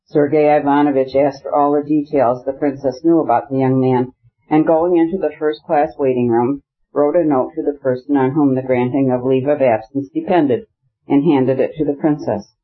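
A man giving a steady scripted narration of an audiobook. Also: mid-range voice, normal speed. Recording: dull lo-fi recording.

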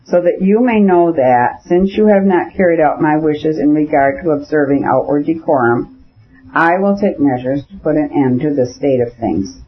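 Male narrator doing a stern, contemptuous noble husband, husky, lo-fi. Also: moderate pace. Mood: cold anger. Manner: cold, contemptuous, shrill when angry. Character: cold, stern aristocratic husband, middle-aged man. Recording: dull lo-fi audiobook recording.

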